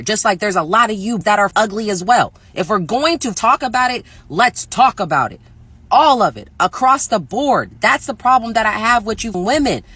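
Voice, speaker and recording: A woman ranting bluntly in a reaction video, profane and mocking, sometimes mimicking others in a high sing-song voice. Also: pushed and bright, husky, no echo. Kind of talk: ranting commentary.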